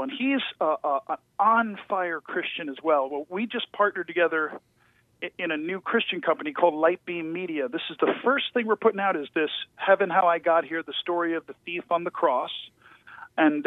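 A man, a guest actor, telling stories over the phone in a casual interview, with animated storytelling and stammering restarts. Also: fairly high pitch, no room sound. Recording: tinny phone line.

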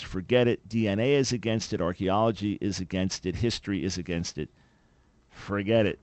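A man's voice: lowish voice, darkish tone, dry recording. Earnest male radio call-in host. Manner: earnest, explanatory, emphatic. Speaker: radio talk show host. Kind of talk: call-in radio talk answering questions.

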